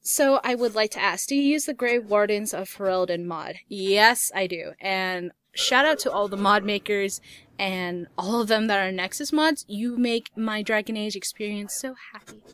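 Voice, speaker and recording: A woman's voice: mid-range voice, normal speed, a bit bright. A young woman hosting a casual gaming Q&A, reading viewer questions aloud and answering in a chatty way with frequent laughs. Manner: chatty, laughs often, swears lightly. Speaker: YouTube gaming host.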